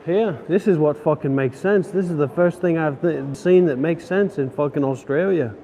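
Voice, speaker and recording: A man's voice: on the high side, moderate pace, warm tone, a little hiss or hum. A man vlogging while walking city streets, ranting in a frustrated, profane way. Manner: frustrated, swearing, grumbling.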